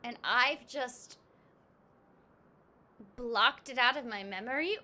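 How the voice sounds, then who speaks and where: A woman's voice: on the high side, slow, long pauses, sharp tone. A woman chatting casually and bubbly while she streams a game, often giggling as she talks. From United States. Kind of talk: casual gaming stream chat. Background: game music.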